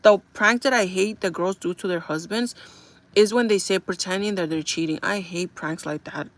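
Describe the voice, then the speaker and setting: A woman's voice: mid-range voice, normal speed. Chatty young woman rambling with fillers. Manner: rambling, filler-heavy storytelling with frequent "like". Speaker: vlogger. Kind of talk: casual chat.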